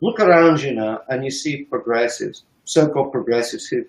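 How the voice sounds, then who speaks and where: A man ranting profanely and emphatically about politics on a live stream, with sharp swings in pitch. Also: normal speed, echoey room, low-quality recording. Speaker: economic analyst on a live stream.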